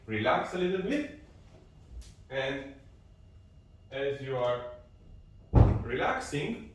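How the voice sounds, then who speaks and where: A man teaches a qi exercise class at a slow, unhurried pace, talking the listener through inhales, exhales and each movement. He sits back from the microphone in a strongly echoing room at home, so his voice arrives distant and washed in reverb. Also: a little high. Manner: slow, calm cueing of breaths and movements. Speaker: qi exercise instructor. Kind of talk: guided online exercise class. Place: room at home with a balcony door. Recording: very echoey room, voice from far off.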